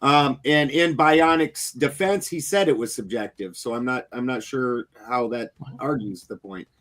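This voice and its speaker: A man moderating a livestream debate in a relaxed, casual way, reading out viewer comments. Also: medium pitch, unhurried.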